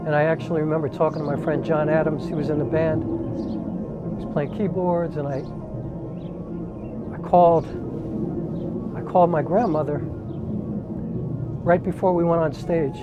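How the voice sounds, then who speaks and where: A man's voice: a little high, little pitch movement, moderate pace, pauses often, loud music behind the voice. A man from the New York area, a singer, telling a personal family story in a conversational way, with frequent "um" and "like". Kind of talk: casual personal storytelling to camera.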